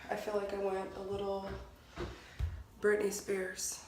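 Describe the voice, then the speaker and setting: A woman's voice: mid-range voice, monotone, a little slow, soft background music. A woman vlogging casually to camera, chatty and self-mocking, often breaking into nervous laughter. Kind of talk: casual vlog chat to camera. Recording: echoey room with background noise.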